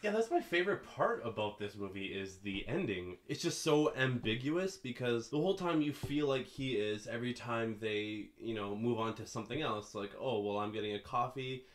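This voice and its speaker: A young man hosting a casual podcast chat, relaxed and rambling, with lots of fillers. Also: medium pitch, normal speed, hardly any pauses. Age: young adult. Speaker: podcast host.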